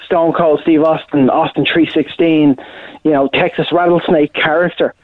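A male impressionist answering questions in a loose, rambling way, often circling back on his own sentences. His voice sits a little high and comes through a thin, phone-like line with no room echo. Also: steady tone, moderate pace. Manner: rambling, frequent restarts and "you know". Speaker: impressionist guest. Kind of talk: casual interview chat. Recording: tinny phone-like line, dry.

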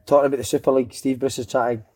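A man's voice: medium pitch, level tone, rapid-fire, darkish tone. A man, jokey and teasing in a casual football chat.

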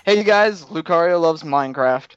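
A man co-hosting a casual podcast, excitable in banter and reading listener email. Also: fairly high pitch, normal speed, clear, resonant tone, no echo. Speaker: podcast co-host. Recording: dull, dry home mic.

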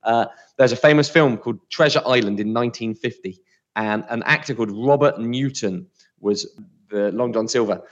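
A man's voice: medium pitch, normal speed. Chatty man, slightly muffled. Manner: chatty, teasing, plays with accent impressions. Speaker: podcast co-host. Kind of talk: casual podcast chat. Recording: slightly dull lo-fi sound.

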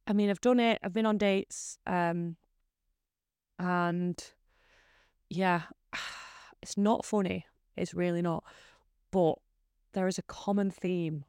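A woman's voice: fairly low pitch, dry recording, clean studio sound. A woman in her thirties hosting a podcast, chatting in a candid, rambling, self-deprecating way. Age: 30s. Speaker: podcast host. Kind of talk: casual solo podcast chat.

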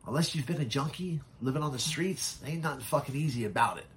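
A man's voice: medium pitch, fast talker, slight background noise. A man telling a personal story in a casual, candid way, often swearing and acting out what others said. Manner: candid, profane, acts out quoted voices. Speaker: podcast guest.

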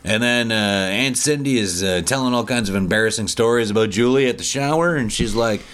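A man's voice: mid-range voice, fairly quick, clear, resonant tone. A man casually recapping a TV episode, acting out lines in put-on voices and laughing often. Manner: animated storyteller, acts out quoted lines in put-on voices, swears and laughs often. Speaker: podcast host recapping a TV episode.

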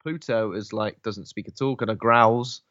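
A man's voice: lowish voice, moderate pace, fairly bright tone, no echo, muffled recording. A man co-hosting a casual film review podcast, chattily retelling a plot with asides. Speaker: podcast co-host.

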